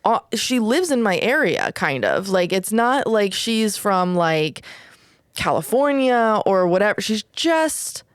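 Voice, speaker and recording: Chatty woman, crisp voice. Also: medium pitch, sing-song, takes it slowly, dry recording, clean studio sound. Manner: candid storytelling, frequent "like" and "whatever"; swears casually. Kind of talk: casual chat.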